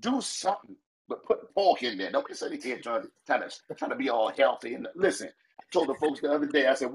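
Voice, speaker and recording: A man's voice: mid-range voice, animated, a little fast, a little hiss or hum, poor audio. A man who is a pastor, talking on a podcast in an emphatic, preachy way and repeating his points. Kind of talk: casual chat.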